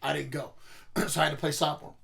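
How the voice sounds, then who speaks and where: A man's voice: on the high side, level tone, quick pace, vocal fry, pushed and bright. A middle-aged man casually telling rambling, profane stories about his school football days. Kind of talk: casual storytelling.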